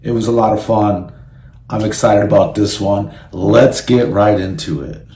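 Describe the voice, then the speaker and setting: A man's voice: lowish voice, fairly even intonation, measured pace, creaky. A man hosting a reaction video, greeting viewers casually and directly. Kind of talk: upbeat video intro. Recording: echoey room with faint hiss.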